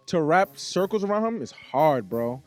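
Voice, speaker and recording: A man's voice: on the high side, big pitch swings, normal speed, soft background music. Blunt man arguing in casual chat. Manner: blunt, teasing, argues back.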